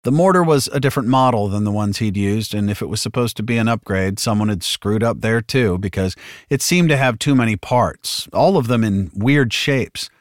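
A man reading an audiobook with dramatic narration, shouting the characters' lines at full force. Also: lowish voice, normal speed, no room sound, clean studio sound.

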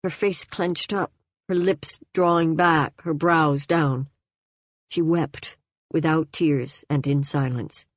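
A woman narrating a novel in a measured, even way. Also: low-pitched, dry recording. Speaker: audiobook narrator. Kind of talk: scripted narration.

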